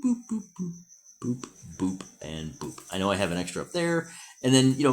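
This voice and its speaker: An American man talks through a solo wargame in a relaxed, rambling way, thinking aloud and often correcting himself. His pitch rises and falls with lively energy, sitting in an ordinary middle register. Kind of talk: casual narrated solo wargame session.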